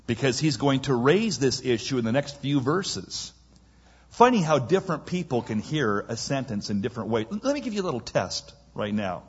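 A man's voice: medium pitch, big pitch swings, normal speed, breathy edge, lo-fi sound. A man preaching a sermon, who reads scripture aloud and then retells it in everyday speech, acting out the quoted lines with drama. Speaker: pastor. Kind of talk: expository sermon.

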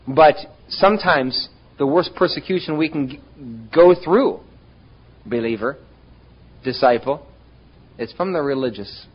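Animated male preacher, lo-fi recording. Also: a little high, unhurried, pauses often, slightly rough. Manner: animated, addresses congregation directly with rhetorical questions. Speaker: pastor. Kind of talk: sermon.

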